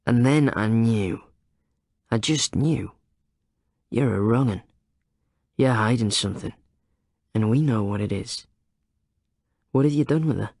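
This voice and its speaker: A man's voice: medium pitch, a little slow, gravelly, pauses often, darkish tone, dry recording, studio quality. A man voicing a male police detective who interrogates a suspect, needling and accusing in turn. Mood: menacing. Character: male police detective, coaxing then menacing.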